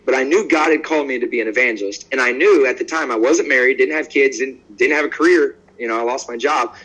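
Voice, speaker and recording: A man speaking as an evangelist guest, bold and outspoken, telling stories as he voices the people in them. His voice has a husky, breathy grain. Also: medium pitch, fast talker, poor audio. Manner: lively storyteller acting out quoted dialogue. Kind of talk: conversational podcast interview.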